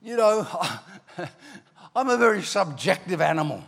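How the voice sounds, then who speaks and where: An older man from Ireland, preaching a sermon as a pastor, telling stories with animated bursts into shouting. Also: high voice, measured pace, gravelly. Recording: long hall reverb.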